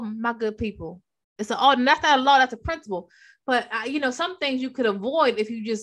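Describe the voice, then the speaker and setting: A woman with a bright, ringing tone and a voice set a touch higher than most preaches through scripture with real conviction. She repeats her key words for weight and keeps pulling the listeners in with calls back to them, speaking into a microphone. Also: normal speed. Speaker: Bible teacher. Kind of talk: preaching Bible teaching.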